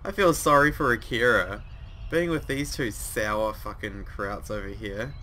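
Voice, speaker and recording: A man's voice: mid-range voice, bright, forceful tone, slight background noise. A young man reading a visual novel aloud, breaking off into joking, sweary asides. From New Zealand. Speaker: let's play host.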